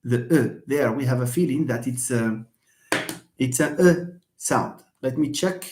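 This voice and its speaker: A man's voice: medium pitch, measured pace, darkish tone. Hesitant man teaching English. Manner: hesitant, repeats words, many fillers. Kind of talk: live online lesson. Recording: echoey room.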